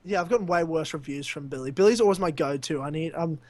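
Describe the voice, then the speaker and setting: A young Australian man telling a lively story on a casual podcast, laughing often. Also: on the high side, quick pace, dry recording. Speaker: podcast co-host.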